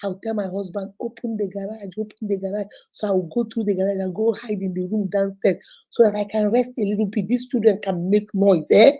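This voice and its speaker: A woman in her fifties hosts a relaxed live stream, chatting casually and fairly quickly in a mellow voice of ordinary pitch. She laughs often and greets her viewers one at a time.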